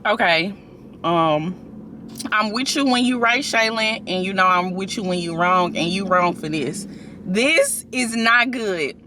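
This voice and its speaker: Bright-voiced chatty woman vlogger. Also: medium pitch, a little slow, slight background noise. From St. Louis, USA. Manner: chatty, animated storytelling with many fillers. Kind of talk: casual storytime vlog.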